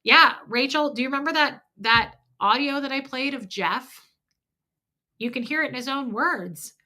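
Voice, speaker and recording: A high, pushed and bright voice at normal speed belongs to this middle-aged streamer, who rambles openly in casual chat. She's a bit stuffy-nosed and greets viewers by name.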